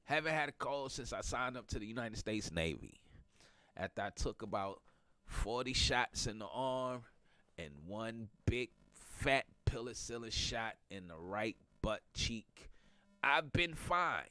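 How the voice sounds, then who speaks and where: A man's voice: medium pitch, animated, unhurried, bright, forceful tone, smooth, no room sound. A middle-aged man with a stuffy nose from a cold, hosting a casual morning talk show in a playful, teasing way. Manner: playful, teasing, laughs a lot. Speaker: podcast host.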